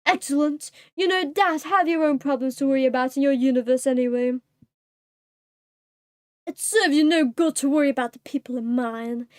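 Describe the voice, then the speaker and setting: A British woman voicing a sinister male cat demon from a game, calm and menacing as he gloats. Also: sits high, dry recording, lightly acted. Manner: calm, measured, gloating villain monologue. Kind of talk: reading game dialogue aloud.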